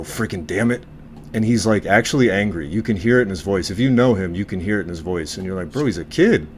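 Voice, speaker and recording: A man with a very low voice talks bluntly and swears freely in a relaxed chat among veterans. His delivery is animated when he tells a story. A faint hiss of background noise sits under his voice. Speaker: podcast co-host, veteran. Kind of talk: casual group chat.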